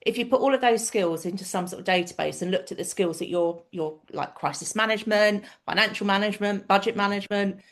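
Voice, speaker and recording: A woman's voice: mid-range voice, fast talker, few pauses. A middle-aged woman, a guest on a podcast, chatting with many fillers and hesitations. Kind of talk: casual chat.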